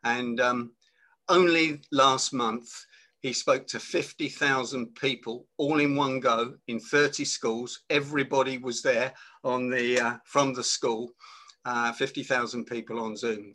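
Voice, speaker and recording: London guy hosting a video call show, bright sharp voice, chatty, lots of ums. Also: mid-range voice, steady tone, unhurried. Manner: chatty, enthusiastic with fillers. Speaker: host. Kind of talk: live online interview.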